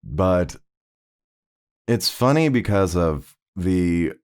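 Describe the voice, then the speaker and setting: A man's voice: low voice, lively intonation, extremely slow, darkish tone, clear, resonant tone. A man hosting a podcast, telling personal stories in a conversational, rambling way with lots of fillers. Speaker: podcast host.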